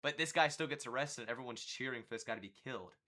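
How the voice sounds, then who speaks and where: Man, podcast host, emphatic, blunt, bright tense voice. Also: medium pitch, very fast. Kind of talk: podcast interview.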